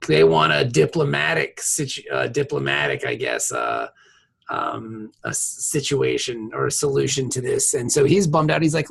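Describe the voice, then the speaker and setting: A podcast co-host recapping an episode with profane jokes, frequent laughter and animated voices for the characters. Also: female voice, very deep voice, moderate pace, gravelly, slightly rough. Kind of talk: crude comedic recap.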